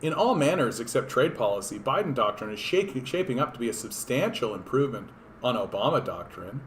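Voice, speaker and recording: A man talks politics on a casual livestream in a hoarse, worn voice. His pitch sits in the middle range, and his delivery wanders, full of sarcasm and the odd curse. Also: sing-song, fairly quick, slight background noise. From Canada. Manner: sarcastic, rambling, profane. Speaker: political streamer.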